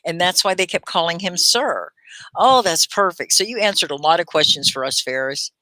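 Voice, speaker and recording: A woman hosting a live English lesson who encourages and praises her learners by name and models words slowly, syllable by syllable. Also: fairly low pitch, bright, forceful tone, no room sound. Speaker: ESL teacher and live-stream host.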